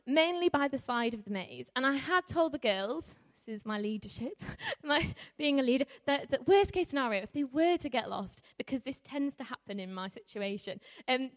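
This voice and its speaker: A young woman from Yorkshire telling a personal story to a live audience, chatty and self-deprecating, laughing often and filling pauses with ums. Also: sits high. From Yorkshire, England. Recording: long hall reverb.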